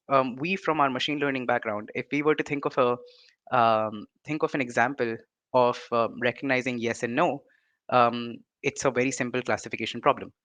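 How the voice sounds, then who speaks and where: A man's voice: medium pitch, bright, forceful tone, no room sound. Indian-accented man explaining, dry close sound. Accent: Indian English. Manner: halting, many fillers and restarts, ending points with "right?". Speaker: presenter. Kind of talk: online lecture.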